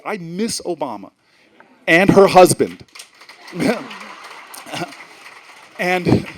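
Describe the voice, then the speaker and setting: A middle-aged man from New Jersey holds the floor before a live audience, and his voice sits a little high for a man. He talks in an animated, rhetorical way, building points through repetition and personal stories. He often restarts phrases and drops fillers as he goes. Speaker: politician speaking to a festival audience. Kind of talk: animated speech with storytelling.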